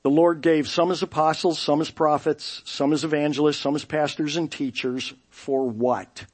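A middle-aged man preaching a sermon as pastor, telling stories in an animated way and acting out the people he quotes. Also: on the high side, moderate pace, breathy edge. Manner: animated storytelling, acting out quoted voices with laughs.

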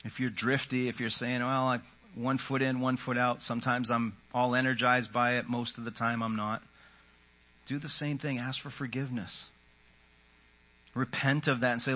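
A man's voice: medium pitch, little pitch movement, normal speed, pushed and bright. A man preaching a sermon in an earnest, conversational way, often voicing the inner thoughts of his listeners. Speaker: pastor.

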